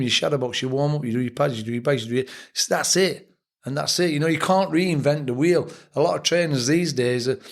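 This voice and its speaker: An older man with a Sheffield accent, a gravelly voice, and a reflective way of telling blunt stories. He talks as a boxing trainer on a relaxed podcast, at a middle pitch. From England. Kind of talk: casual podcast interview.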